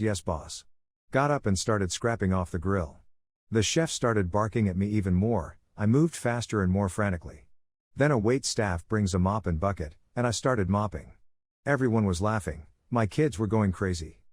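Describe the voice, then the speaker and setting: A man narrating a personal story in a flat, steady retelling. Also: on the low side, no echo, studio quality. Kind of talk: reading a story.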